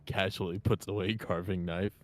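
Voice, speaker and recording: A man's voice: low-pitched, steady tone, normal speed, no room sound, soft background music. A man playing a tabletop role-playing game, joking, swearing often and laughing between lines. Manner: swears often, laughs a lot, talks in and out of character. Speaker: player. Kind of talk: tabletop role-play banter.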